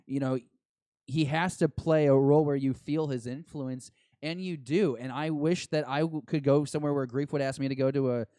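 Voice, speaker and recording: A man co-hosting a podcast, chatting excitedly and rambling as an eager fan. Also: fairly high pitch, normal speed, no echo, clean studio sound. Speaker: podcast co-host. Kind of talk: casual chat.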